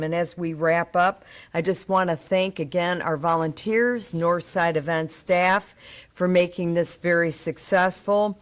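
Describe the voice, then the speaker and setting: Female event host wrapping up a live event, low-voiced and slow-paced. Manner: measured, thankful, announcing. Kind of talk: closing announcements.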